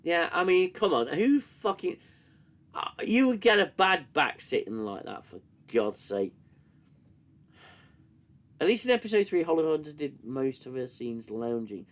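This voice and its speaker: Coughing sarcastic man reviewing. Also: a little high. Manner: sarcastic, swears, reads chat and mocks scenes. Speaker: host reviewing a TV show. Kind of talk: casual live-stream commentary.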